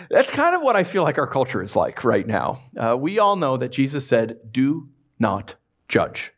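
A man's voice: medium pitch, normal speed, long pauses. A man preaching a sermon to a live congregation, telling stories in a playful way and asking his listeners questions. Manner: animated, playful storytelling with audience questions. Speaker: pastor.

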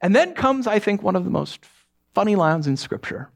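Brief: male preacher, high voice, chatty animated storyteller who quizzes the audience. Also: normal speed, vocal fry. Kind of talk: conversational sermon.

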